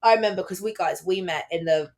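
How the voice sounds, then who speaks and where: Picture a young woman co-hosting a podcast who races through a dating story at high speed. She acts out the quoted lines and swears freely as she goes. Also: fast talker, darkish tone. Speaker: podcast co-host. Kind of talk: casual chat.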